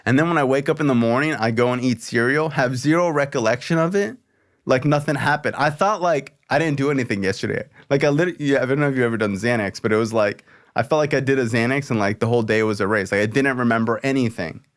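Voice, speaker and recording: In a fast, mid-range voice, the male podcast host spins a casual story. Whenever someone in it speaks, he animatedly mimics their voice.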